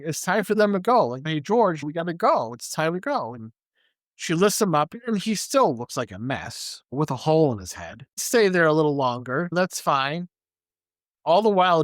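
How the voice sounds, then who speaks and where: A man's voice: a little high, dry recording, clean studio sound. A man co-hosting a podcast who retells a movie's scenes step by step and quotes the characters as he goes. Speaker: podcast co-host. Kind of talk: casual movie plot recap.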